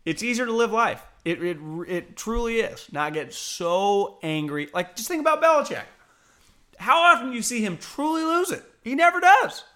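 A man co-hosting a relaxed podcast, with a high voice and a bright, forceful tone. He tells stories with animation and swings from easygoing to loud and heated. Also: normal speed. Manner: animated storyteller, swings between laid-back and shouty. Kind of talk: casual podcast chat.

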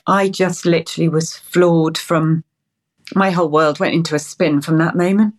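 A middle-aged woman guest, speaking haltingly and close to tears. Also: sits low, steady tone. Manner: halting, emotional, many restarts. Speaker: interview guest.

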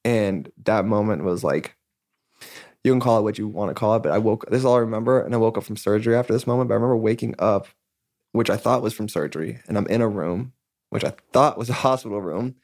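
A man's voice: fairly low pitch, fast talker, darkish tone, no echo, clean studio sound. A man who is a musician and podcast guest, telling a long personal story in a rambling way, full of fillers and acted-out dialogue. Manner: rambling, filler-heavy, acts out quoted dialogue. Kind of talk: casual storytelling interview.

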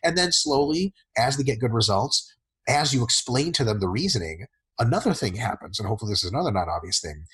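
A man with a very husky, raspy voice talks through coaching in a casual podcast Q&A. His pitch swings widely and he swears freely while acting out his clients in quick voices. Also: big pitch swings, a bit bright, rough recording. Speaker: fitness coach answering listener questions.

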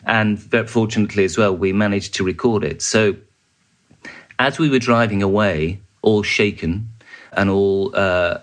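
A journalist recounting a war experience in an interview, vivid and halting, with fillers and restarts. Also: male voice, fairly low pitch. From United Kingdom. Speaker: journalist guest.

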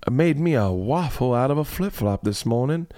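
A man's voice: mid-range voice, expressive, moderate pace, warm tone, no room sound, studio quality, pitched above the performer's own voice, lightly acted. A man voicing a young Southern girl telling absurd folksy tales, in an old Southern American accent. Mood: mock folksy. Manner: drawling, folksy storytelling.

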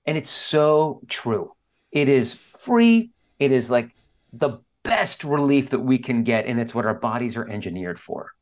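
A man's voice: mid-range voice, moderate pace. A man speaking as an interview guest, telling a candid personal story in an earnest, openly emotional way. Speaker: guest author.

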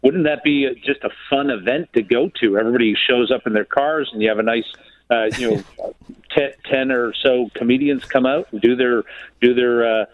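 A man with a Canadian accent, an actor and comedian guest, telling stories on the radio in an animated way. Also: mid-range voice, moderate pace, phone-quality sound. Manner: animated storyteller. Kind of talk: casual radio chat.

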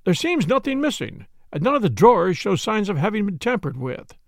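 Fretful young secretary, high and jumpy, as a male reader puts him on; audiobook drama, lively anxious questioning. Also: a little fast, dry recording, clean studio sound, exaggerated voice. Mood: anxious, puzzled.

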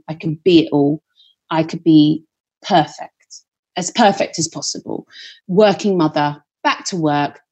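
A woman's voice: low voice, darkish tone, breathy edge. A woman in her thirties, a singer-songwriter guest talking candidly, chatty and self-deprecating, swearing freely. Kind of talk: candid podcast conversation.

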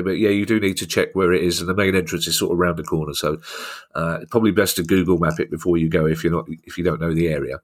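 A man hosting a podcast in relaxed, casual chat, with dry, teasing humour. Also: low-pitched. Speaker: podcast host.

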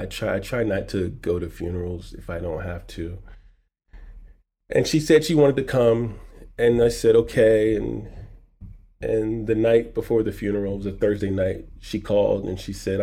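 A middle-aged man tells a long personal story as a guest on a podcast. His voice sits low and has a husky edge. He animates the quoted lines and goes softer when the story turns sad. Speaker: guest author and poet.

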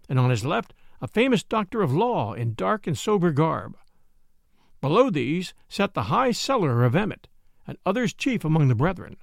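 A man narrating an old-fashioned storybook tale with an expressive reading. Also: sits high, vocal fry, no room sound, studio quality.

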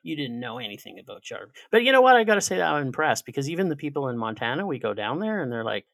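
A Canadian man chats as a podcast guest, his voice gravelly at the edges. He jokes with animated, sarcastic energy. The sound is close and dry, with no room around it. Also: medium pitch, racing, no echo. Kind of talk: casual chat.

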